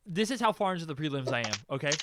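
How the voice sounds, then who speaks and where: A man hosting a podcast, talking in an excitable, profane, animated way in casual chat. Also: on the high side, rapid-fire, background noise. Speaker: podcast host.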